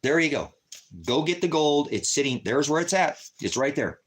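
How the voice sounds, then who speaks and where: On the high side, with lively intonation at normal speed, a man vents as he tells an angry personal story. It comes out as a casual, agitated, profane rant where he curses and retells his arguments with other people in quoted voices.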